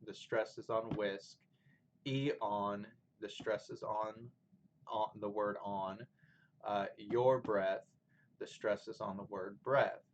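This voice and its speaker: A man gives a recorded poetry lecture in a low voice that barely rises or falls. He explains step by step, pausing and restarting. The recording is dull and lo-fi with a faint hum underneath. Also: little pitch movement. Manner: reads poems aloud with stressed rhythm, louder than his talk; explains slowly with fillers and restarts. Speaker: literature lecturer.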